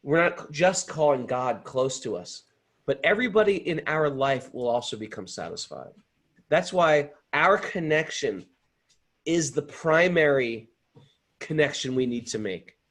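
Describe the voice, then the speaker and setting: Husky man telling a story earnestly. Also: medium pitch, sing-song, measured pace, fairly bright tone. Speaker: host. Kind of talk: storytelling spiritual talk. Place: home in upstate New York.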